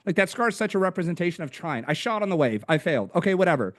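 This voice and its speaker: A young American man, a podcast guest, telling stories in a slangy, energetic, casual way. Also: high voice, very fast, no room sound, clean studio sound. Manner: energetic, slangy storyteller, says "dude" a lot. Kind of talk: casual interview chat.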